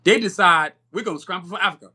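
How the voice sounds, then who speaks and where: A man's voice: sits high, fast, bright, forceful tone, slightly rough. A man hosting a live-stream podcast, ranting fiercely and profanely in streetwise slang and often checking in with his listeners. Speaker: podcast host.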